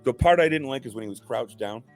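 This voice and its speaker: Over faint music, a man with a medium-pitched voice talks at a quick clip while co-hosting a podcast. Hailing from New England, he relates a story in a relaxed, animated way, voicing the quotes himself.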